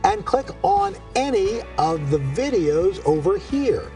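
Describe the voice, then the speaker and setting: A man reads a promotional channel outro in a cheery announcer voice. His pitch is higher than most men's and swings widely. He sounds set back from the mic, with loud music playing under him. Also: slow pace. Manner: lively, cheery sales pitch. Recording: distant voice over loud music.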